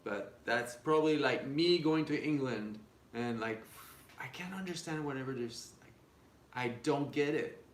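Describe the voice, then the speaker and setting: A man from Quebec whose first language is French, speaking English with a Quebec French accent and explaining things in a halting way with many fillers. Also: mid-range voice. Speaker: co-host of a live stream. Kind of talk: casual live-stream chat. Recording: echoey room with faint background noise.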